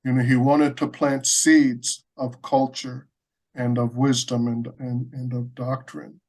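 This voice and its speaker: A man's voice: mid-range voice, level tone, slow, darkish tone, low-quality recording. A man from the United States, a Buddhist practitioner, telling a story in a conversational interview with earnest animation and frequent restarts.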